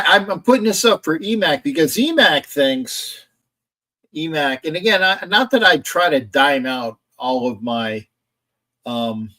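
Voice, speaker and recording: A man's voice: on the high side, pushed and bright. A man hosting a casual live stream about football, rambling, reading chat messages aloud and arguing back at them from a home setup in front of a camera. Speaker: sports streamer.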